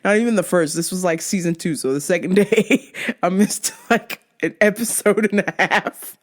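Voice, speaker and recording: A woman's voice: on the low side, moderate pace. A young woman hosting her own show, ranting casually and comically, swearing freely and often breaking into laughter. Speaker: podcast host. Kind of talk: casual comedic rant.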